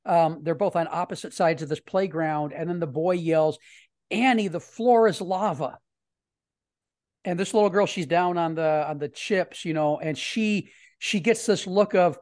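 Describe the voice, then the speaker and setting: A man's voice: fairly high pitch, clear, resonant tone. Rambling male podcast host. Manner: rambling, halting storytelling with many restarts. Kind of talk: casual podcast chat. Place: home studio.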